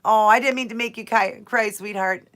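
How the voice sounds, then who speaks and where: A woman's voice: mid-range voice, steady tone, normal speed, a bit bright. A woman in her forties hosting a live question-and-answer stream, speaking straight to her viewers in a heartfelt, repetitive way. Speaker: host of a live keto Q&A stream.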